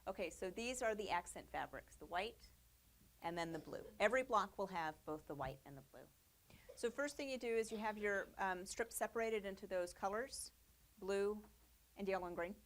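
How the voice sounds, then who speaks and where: A woman's voice: medium pitch, lively intonation, normal speed. A woman giving a chatty, upbeat studio demonstration as a quilting instructor. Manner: chatty, upbeat, with fillers and little laughs. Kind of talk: casual demonstration lesson.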